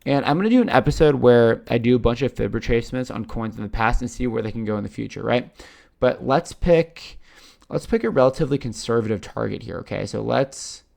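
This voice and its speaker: A chatty man with a Canadian accent and a gravelly, fry-edged voice at an ordinary middle pitch. He talks loosely through charts, swearing now and then and asking "right?" after almost every phrase. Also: a little fast, darkish tone. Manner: chatty, says "right?" constantly, swears casually. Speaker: crypto channel host. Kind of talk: casual screen-share commentary.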